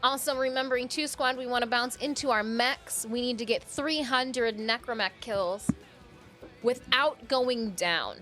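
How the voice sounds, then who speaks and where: A woman's voice: on the high side, unhurried, fairly bright tone. Chatty woman streamer, faint music. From Michigan. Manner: chatty, playful, reads out chat names. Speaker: game streamer. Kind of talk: casual live-stream chat. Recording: faint game music behind.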